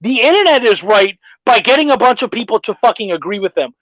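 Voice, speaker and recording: A middle-aged man hosting a podcast, telling stories in a profane, animated casual chat. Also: very high-pitched, fast, no echo. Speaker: podcast host. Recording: dull dry lo-fi sound.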